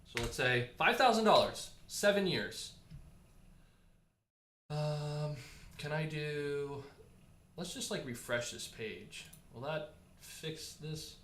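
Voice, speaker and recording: A man hosting a casual livestream, talking in a chatty, animated way and answering viewer comments while he slowly loses his voice. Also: fairly high pitch, echoey room, slight background noise. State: losing his voice. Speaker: livestream host.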